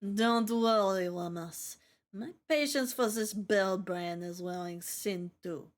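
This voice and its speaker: A woman's voice: medium pitch, close to an everyday voice. A woman voicing a stern, commanding noblewoman who gives orders, while reading a game aloud. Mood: imperious. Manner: slow, imperious and curt.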